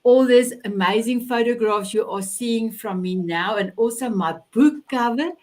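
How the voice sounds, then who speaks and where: A woman's voice: a little high, moderate pace, a little mellow. A middle-aged woman from Africa, hosting a live online show over a video call in an effusive manner, often repeating herself and restarting. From South Africa. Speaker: host.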